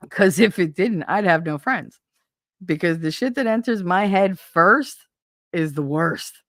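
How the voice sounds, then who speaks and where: A woman's voice: medium pitch, lively intonation, measured pace, dry recording. A middle-aged woman live-streaming, chatting casually and reading out viewer comments, blunt, profane and sarcastic, often laughing.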